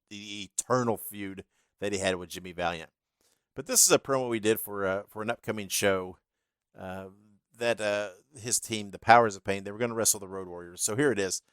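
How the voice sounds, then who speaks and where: A man's voice: fairly low pitch, a bit bright, clean tone, no room sound. A man hosting a podcast, telling stories casually with laughs and plenty of fillers. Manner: chatty, laughs through his stories, filler-heavy. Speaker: podcast host.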